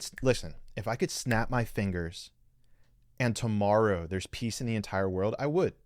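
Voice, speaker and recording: A man's voice: lowish voice, a little mellow, no echo, clean studio sound. Earnest man giving spiritual advice. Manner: earnest, repetitive, coaching listeners directly. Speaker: podcast host. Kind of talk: spiritual teaching monologue. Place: live stream reading viewer comments.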